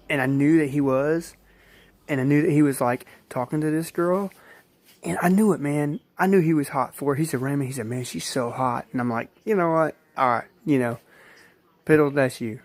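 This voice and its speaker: A man's voice: fairly high pitch, no room sound. A man vlogging, telling a personal story in a rambling, repetitive way and acting out what others said. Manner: rambling, repetitive retelling with acted-out quotes. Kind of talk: casual storytelling.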